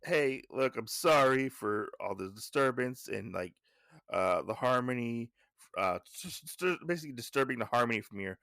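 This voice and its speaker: A courteous rabbit ronin, voiced by a man, speaks politely but stands his ground. The voice is gravelly and plain, with a dry close sound. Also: medium pitch, animated, moderate pace, a bit bright, no echo. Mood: firm.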